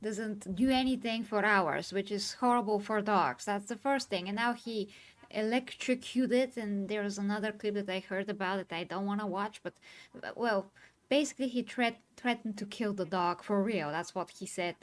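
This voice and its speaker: A woman's voice: medium pitch, normal speed. A woman on a commentary panel, talking earnestly and emotionally as she explains her view. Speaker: host.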